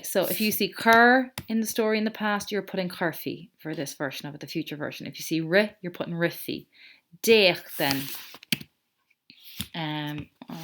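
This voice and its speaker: Irish woman teacher, low voice, patient step-by-step screen lesson, keyboard clicks behind. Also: vocal fry, fairly bright tone, slight background noise. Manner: patient, explains step by step with small self-corrections. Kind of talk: recorded screen-share lesson.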